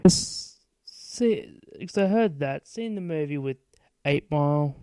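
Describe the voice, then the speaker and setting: Profane rambling podcast host, smooth voice. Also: male voice, a little high, animated, takes it slowly, warm tone, no room sound, rough recording. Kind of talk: casual monologue.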